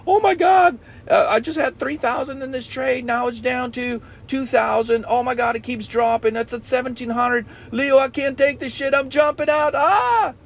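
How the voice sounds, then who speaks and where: Man putting on a shrill panicking trader. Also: normal speed, vocal fry, hardly any pauses, full character voice. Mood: panicked. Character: panicking novice male trader, frantic.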